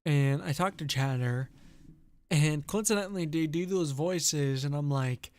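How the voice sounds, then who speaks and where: A man's voice: fairly high pitch, a little slow, darkish tone. A man hosting a casual live stream chat, telling a rambling story and slipping into quoted voices. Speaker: streamer host.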